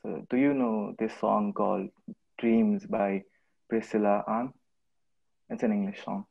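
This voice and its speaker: A man chatting casually as a workshop participant on a video call, soft-spoken and unhurried. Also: lowish voice, fairly even intonation, creaky, husky, lo-fi sound. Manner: soft-spoken, sings a slow song.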